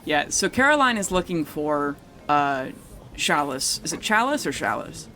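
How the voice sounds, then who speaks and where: A man's voice: fairly high pitch, very animated, moderate pace, noisy background. A man narrating a tabletop game as game master, casual and rambling, swearing freely.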